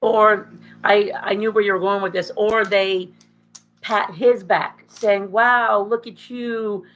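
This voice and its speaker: Woman chatting, tells stories with lots of punch, pitch jumps up when she gets heated, mid-range voice. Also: slow, rough recording. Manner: animated, emphatic storytelling. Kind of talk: casual chat.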